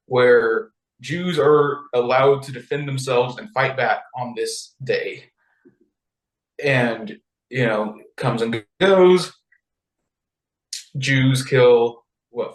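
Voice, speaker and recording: A man co-hosting a podcast, retelling a story casually and acting out characters' lines in animated voices. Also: mid-range voice, echoey room, low-quality recording. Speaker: podcast co-host.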